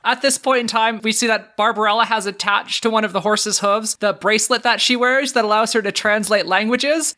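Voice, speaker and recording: A player narrating their character's actions in a comedy tabletop game. Measured, explanatory delivery with a bright tone. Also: mid-range voice. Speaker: tabletop role-play player. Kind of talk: casual role-play narration.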